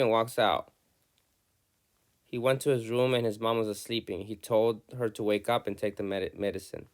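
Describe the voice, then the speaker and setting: A man teaching a class, reading a student's narrative aloud and stopping often to point out problems in its structure and dialogue. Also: mid-range voice. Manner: reads student text aloud then comments, with many restarts.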